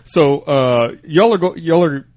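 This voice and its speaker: A podcast co-host who speaks in a mid-range voice. He chats casually and drops relaxed, wry remarks into the conversation. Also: on the high side, measured pace, no echo. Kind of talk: casual chat.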